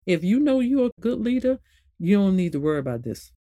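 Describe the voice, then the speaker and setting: A woman meditation therapist giving a spoken motivational talk in a conversational way, repeating phrases and swinging from low to high emphasis. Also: very animated, a little fast, warm tone, no echo, clean studio sound.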